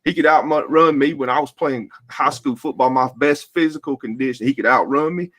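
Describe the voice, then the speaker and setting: A man's voice: medium pitch, normal speed, a bit bright, dry recording. Emphatic man telling stories. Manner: storytelling, emphatic. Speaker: podcast co-host. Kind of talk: casual barbershop chat.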